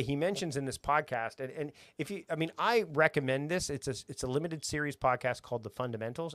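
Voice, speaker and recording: A man talking as a podcast guest, energetic and rambling, often restarting his sentences. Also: mid-range voice, dry recording. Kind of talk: casual conversation.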